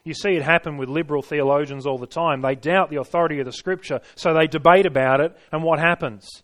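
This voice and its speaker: A man's voice: fairly high pitch, fairly even intonation, quick pace, a bit bright. A man preaching a sermon, stressing his points and putting rhetorical questions to his listeners.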